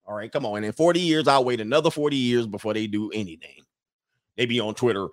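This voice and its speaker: A man's voice: mid-range voice, fast talker. Crude, slangy man riffing on his show. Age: 40s or older. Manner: crude, slangy, jokey storytelling that slips into acted voices. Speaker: show host. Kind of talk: casual comedic commentary on a live show.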